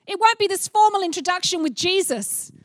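A middle-aged woman preaching a sermon, animated and playful, acting out little scenes as she goes. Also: very high-pitched, fairly quick, no room sound.

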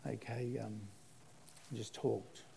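Aussie guy telling a church story, mid pitch, gets loud then goes soft, really into it. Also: slow pace, vocal fry, slight background noise. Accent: Australian. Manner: animated storyteller, voice rising and dropping. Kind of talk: storytelling testimony.

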